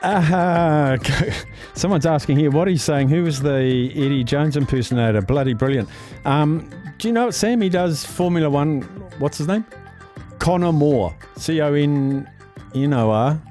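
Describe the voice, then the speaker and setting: Male sports radio host, casual and chatty, mellow voice. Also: a little high, animated, a little slow, soft background music. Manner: chatty, loose, reads out listener texts.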